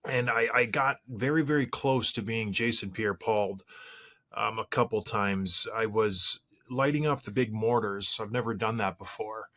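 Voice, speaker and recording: A man's voice: on the low side, moderate pace, sharp tone. A man hosting his own podcast solo, chatting casually and telling self-deprecating stories with frequent restarts. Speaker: podcast host.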